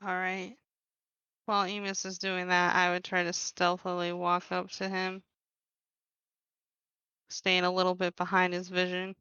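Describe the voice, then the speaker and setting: A woman playing a tabletop game, calm and measured, with a bright, crisp voice. She speaks slowly and evenly. The recording is dry and a little dull. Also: lowish voice, no echo. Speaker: player.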